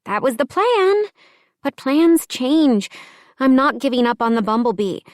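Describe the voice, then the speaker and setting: A woman's voice: sits high, expressive, unhurried, dry recording, clean studio sound, voice pushed up. A woman doing a bubbly, teasing young woman friend.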